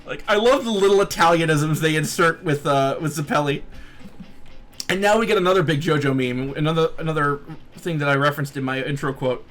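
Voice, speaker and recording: A man's voice: a little high, brisk, a bit bright, soft background music. A man hosting a casual podcast, recapping episodes in a jokey way, swearing and laughing freely. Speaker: podcast host. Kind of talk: casual anime recap chat.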